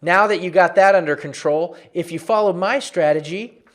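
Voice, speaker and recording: Energetic man teaching a chart lesson. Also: sits high, moderate pace. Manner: energetic, conversational, repeats for emphasis. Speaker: trading educator.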